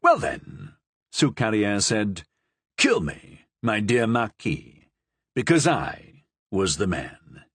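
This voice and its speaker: A man voicing an arrogant, mocking nobleman who talks in a smug, drawling, low manner. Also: huge pitch swings, takes it slowly, a bit bright, slightly rough, no room sound, heavily acted. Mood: taunting.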